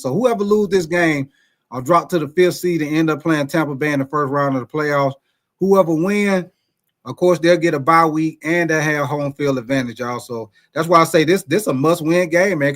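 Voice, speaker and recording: A man hosting a casual sports livestream, talking to his chat in a relaxed, chatty way. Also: fairly high pitch. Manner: chatty, laid-back, speaks to the chat. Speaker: sports show host.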